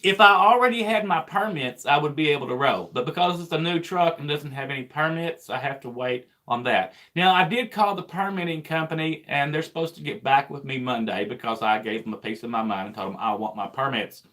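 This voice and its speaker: A man's voice: a little high, fairly quick, few pauses, sharp tone. A man, a trucker co-hosting a casual livestream chat, joking and stumbling over his words. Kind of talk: casual live-stream chat.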